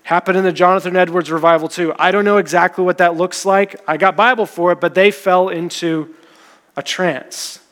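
A man's voice: high-pitched, fairly bright tone, long reverb tail. A man preaching a sermon, telling a story with earnest delivery and quoting the people in it.

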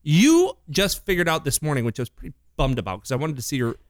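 A man's voice: fairly high pitch, huge pitch swings, quick pace, no room sound, studio quality. A man co-hosting a radio show, chatting casually on air with playful, teasing banter.

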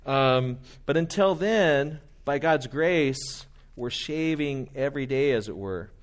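A man's voice: medium pitch, slow pace. A man preaching a sermon in an earnest, conversational way, often quoting hymns and older writers. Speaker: pastor.

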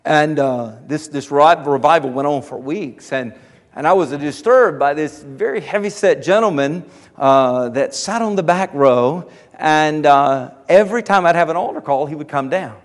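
A man preaching a sermon in a folksy, animated storytelling manner, often restarting his sentences. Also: a little high, moderate pace. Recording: long hall reverb.

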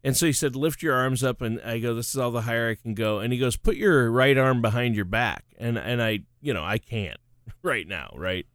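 A man's voice: medium pitch, moderate pace, a bit bright, no room sound, studio quality. A middle-aged man co-hosting a finance talk show, telling stories in a chatty way and laughing often. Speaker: radio show co-host. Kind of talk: casual chat.

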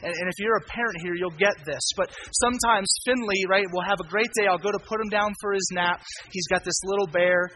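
A young man preaching a sermon as pastor, telling stories with sudden swings between loud emphasis and hushed asides. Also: high voice, fairly quick, hardly any pauses, slight background noise, poor audio. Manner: lively storytelling with sudden loud and quiet turns.

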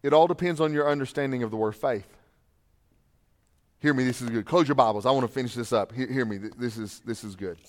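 A male pastor preaching a sermon, swinging from quiet, low asides to loud, repeated shouted refrains. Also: fast talker.

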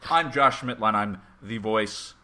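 A man's voice: on the low side, unhurried, bright, forceful tone. A young man hosting a casual comedy podcast, joking and self-mocking, with the odd stutter. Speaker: podcast host.

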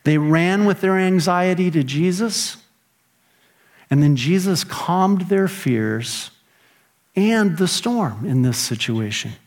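A middle-aged man preaching a sermon as pastor, animated and earnest, acting out his own prayers and grumbling. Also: high voice, slow.

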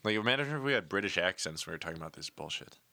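A man's voice: sits low, lively intonation, racing, vocal fry, sharp tone, no room sound. A young man co-hosting a comedy podcast in casual banter, swearing freely and laughing at his own jokes. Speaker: podcast co-host.

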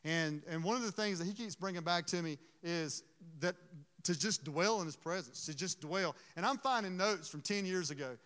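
A man's voice: high-pitched, fairly bright tone. Emotional man preaching in a reverberant hall. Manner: earnest, emotional, halting restarts. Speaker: pastor. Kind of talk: sermon.

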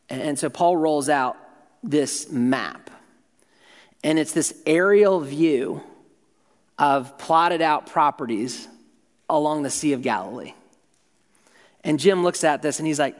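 A man preaching a sermon, telling a story in an easy, conversational way and quietly acting out what the people in it say. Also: fairly high pitch, slow pace, long pauses, long reverb tail. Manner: conversational, acts out the story's dialogue in quiet voices. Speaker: pastor.

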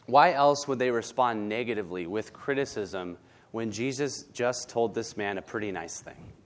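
A man's voice: lowish voice, normal speed. A male pastor preaching a sermon in a blunt, conversational way, often asking "right?". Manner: blunt, conversational, tag questions.

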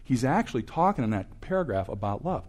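An older man in his sixties, a campus ministry speaker giving a preaching talk that swings from loud, emphatic bursts to hushed asides. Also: medium pitch, big pitch swings, brisk.

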